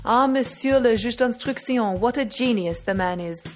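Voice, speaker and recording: A woman's voice: fairly high pitch, moderate pace, a little mellow, soft background music, close to an everyday voice. Woman reading as an exultant young detective. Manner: eager, triumphant reasoning. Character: brash young male amateur detective, exultant.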